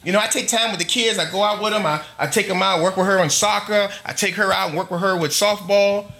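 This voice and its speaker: A man's voice: sits high, steady tone, fast talker, pushed and bright, slight background noise. A middle-aged male pastor preaching a sermon to a congregation, emphatic, building long chanted lists. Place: church before a congregation.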